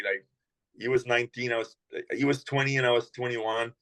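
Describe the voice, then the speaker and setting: Relaxed man telling hockey stories. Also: medium pitch, a little fast, poor audio. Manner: relaxed storyteller, many fillers like "like". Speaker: hockey skills coach. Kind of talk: casual podcast chat.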